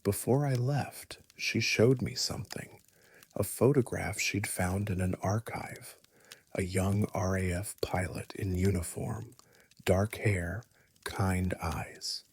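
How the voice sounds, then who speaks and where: A man narrating a scripted first-person horror story in a hushed, often whispery delivery. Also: low voice, slow pace, breathy edge.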